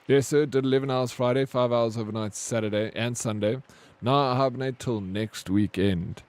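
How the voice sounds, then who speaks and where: A man's voice: mid-range voice, fairly even intonation, normal speed, a little mellow, clean tone. A young man streaming a game, chatting casually and talking straight to his viewers by name. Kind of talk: casual live-stream chat.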